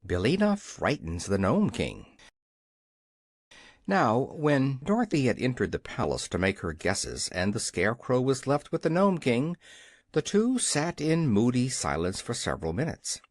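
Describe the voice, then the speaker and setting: An audiobook narrator reading a children's fantasy story in an expressive storytelling way. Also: medium pitch, measured pace, dry recording, clean studio sound. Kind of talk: scripted narration.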